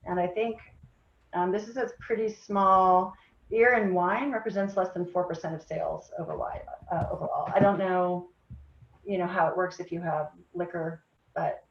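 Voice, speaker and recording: A woman's voice: lowish voice, fairly even intonation, moderate pace. A woman on a video call in a meeting, talking in a thoughtful way with lots of fillers. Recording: dull, roomy video call audio.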